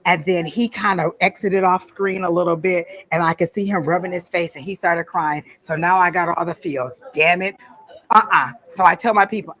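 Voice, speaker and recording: A woman's voice: lowish voice, fairly quick, a bit bright. A woman teaching a workshop at a psychic fair, talking casually and bluntly and acting out the voices she quotes. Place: event room at a psychic fair.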